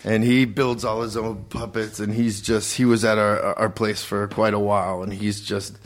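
A man in his forties, a podcast guest, talking in a halting way with frequent restarts and chuckles. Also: fairly low pitch, little pitch movement. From United States. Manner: halting, restarts often, chuckles through answers. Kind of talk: casual podcast chat.

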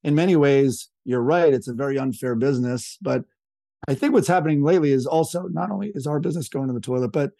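A man's voice: medium pitch, quick pace, vocal fry, dark tone, dry recording. Chatty middle-aged man with a dry sound. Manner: chatty, rambling, acts out quoted people. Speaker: podcast guest. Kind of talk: casual anecdotal storytelling.

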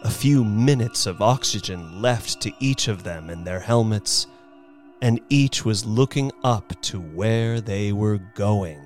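A man narrating a short story as an audiobook reading, slow and expressive. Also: fairly low pitch, faint music behind. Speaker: narrator and performer.

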